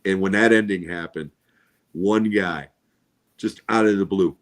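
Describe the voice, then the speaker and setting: A man's voice: low-pitched, measured pace. A middle-aged man co-hosting a movie podcast, chatting casually and telling stories with eager enthusiasm and frequent laughs. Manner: enthusiastic, reminiscing storyteller who laughs often. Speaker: podcast co-host. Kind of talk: casual chat about movies.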